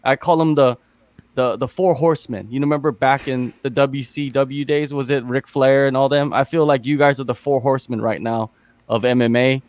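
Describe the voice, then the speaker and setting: His voice is medium in pitch, steady and a little mellow, moving at a moderate pace without any room sound. He's an American man hosting a casual podcast, easygoing as he rambles through questions full of fillers.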